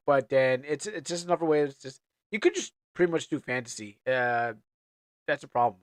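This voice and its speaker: A man's voice: mid-range voice, lively intonation, moderate pace, no room sound. A man streaming a game live and chatting casually, rambling, stammering and repeating his words as he thinks aloud.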